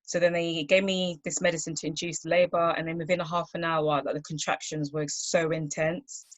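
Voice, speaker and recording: A woman on a video call telling her personal story in a soft, halting way, with many fillers and restarts. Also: sits low, little pitch movement, no echo. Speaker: workshop speaker sharing her story.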